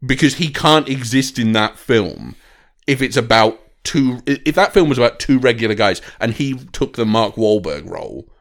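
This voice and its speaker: A man's voice: mid-range voice, lively intonation, normal speed, a bit bright. A man co-hosting a podcast, giving dry, wry and opinionated takes in casual chat about films. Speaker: podcast co-host. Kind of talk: casual film-review chat.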